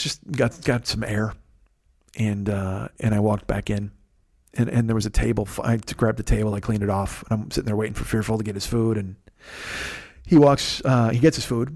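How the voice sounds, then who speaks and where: Fast-talking man telling a heated story. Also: mid-range voice. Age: 40s. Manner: rapid, profane, swings between loud agitation and quiet reflection. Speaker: podcast host. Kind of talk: casual storytelling monologue.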